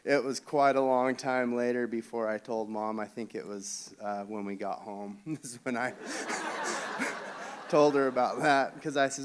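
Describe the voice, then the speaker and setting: A man shares a family story at a funeral. His delivery is halting and conversational, full of restarts and soft chuckles, and his pitch sits in a middle register. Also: a little hiss or hum. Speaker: family member giving a eulogy.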